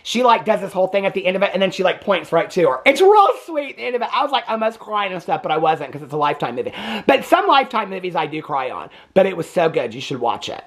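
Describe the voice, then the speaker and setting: A man's voice: high voice, big pitch swings, fast. A man giving a casual, gossipy recap of a movie as a reviewer, chatting with asides and laughs.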